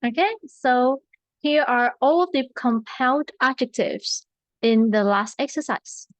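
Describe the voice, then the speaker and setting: A woman's voice: high voice, slow, dry recording, poor audio. A woman, an English teacher explaining vocabulary stress patiently and checking in often. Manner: patient, repeats checks like "okay" and "right". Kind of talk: classroom explanation.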